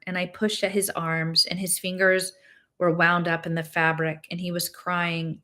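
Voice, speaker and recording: A woman with a somewhat low voice reading a novel aloud. Her first-person narration is steady and plain, carrying the story along without fuss. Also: moderate pace. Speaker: reader.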